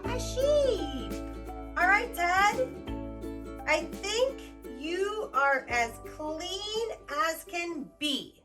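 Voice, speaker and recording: A woman teaching toddlers in a gentle, encouraging voice, talking slowly and repetitively in a sing-song way. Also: extremely high pitch, big pitch swings, soft background music. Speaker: early childhood educator. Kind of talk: toddler teaching video narration.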